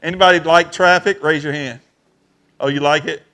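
Preacher guy, kinda high voice, folksy, keeps asking the crowd to answer back. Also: moderate pace. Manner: lively preaching with crowd call-outs and folksy grammar. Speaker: pastor. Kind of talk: sermon. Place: church.

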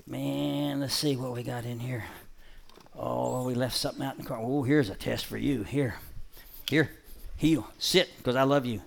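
A middle-aged man with a somewhat high voice runs a dog-training show. He snaps out quick commands, trades quips with the crowd, and turns softly preachy in between. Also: gravelly. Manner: shouts dog commands in bursts, then drops to a soft, preachy tone; jokey crowd banter.

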